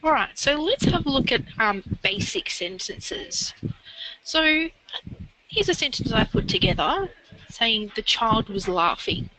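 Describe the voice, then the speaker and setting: A woman's voice: fairly high pitch, very animated, measured pace, very noisy. A woman tutoring a learner in literacy, explaining grammar step by step and encouraging them. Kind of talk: one-on-one literacy lesson.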